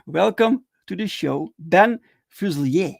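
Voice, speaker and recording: Gravelly guy hosting a stream chat, slightly high voice, gets all excited, lots of ums. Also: slow, very noisy. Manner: excitable, many fillers and restarts. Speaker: talk show host. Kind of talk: casual livestream chat.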